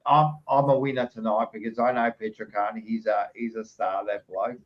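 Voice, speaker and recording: A man's voice: on the low side, little pitch movement, moderate pace. An Australian man hosting a sports podcast in casual chat, blunt and laughing a lot, swearing freely. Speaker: podcast host. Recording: dull lo-fi sound.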